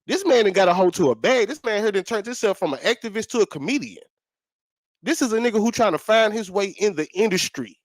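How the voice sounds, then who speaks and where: A man's voice: high voice, animated, fast, dry recording. A man co-hosting a casual talk show, blunt and profane, repeating points for emphasis. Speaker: podcast co-host.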